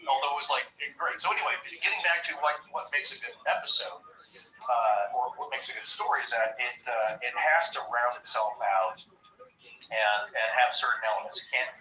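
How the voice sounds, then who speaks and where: A man's voice: mid-range voice, moderate pace, bright, forceful tone, reverberant, distant mic, rough recording. A man talking casually on a podcast, rambling and acting out quoted lines as he goes. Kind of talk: casual chat about movies and the paranormal.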